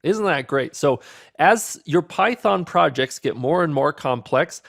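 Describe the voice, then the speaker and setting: A man teaching a beginner programming course, talking through his code step by step in a relaxed, upbeat way. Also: a little high, measured pace, gravelly. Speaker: programming instructor. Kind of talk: screen-recorded coding tutorial.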